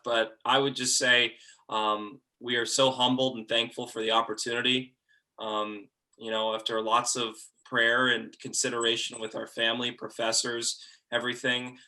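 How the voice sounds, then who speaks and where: A man's voice: medium pitch, bright, forceful tone. A young man from Georgia, a college sports broadcaster, talking earnestly and playfully in a casual interview. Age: young adult.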